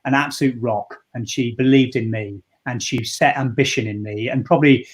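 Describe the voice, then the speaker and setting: A man's voice: medium pitch, fairly even intonation, moderate pace, husky. A man, a leadership coach speaking earnestly and reflectively in an interview, often restarting his sentences. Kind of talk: interview answer.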